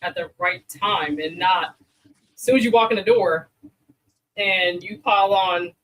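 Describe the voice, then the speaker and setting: A woman's voice: fairly low pitch, unhurried, fairly bright tone, distant mic, slight background noise, rough recording. A woman co-hosting a podcast, speaking firmly and matter-of-factly in casual conversation. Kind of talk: casual chat.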